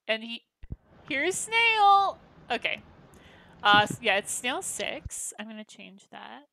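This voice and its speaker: A woman's voice: a little high, sing-song, slow, creaky, pauses often, sharp tone, no room sound. A woman hosting a gaming livestream, chatting casually and bubbly with her viewers. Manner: bubbly, chatty, reacting to chat.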